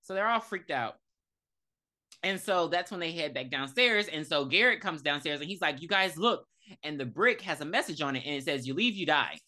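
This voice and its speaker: Woman podcast cohost recapping a movie, low-ish bright voice, bouncy, curses a lot. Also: moderate pace. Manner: animated retelling, acts out characters, profane. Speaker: podcast co-host. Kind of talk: casual movie review chat.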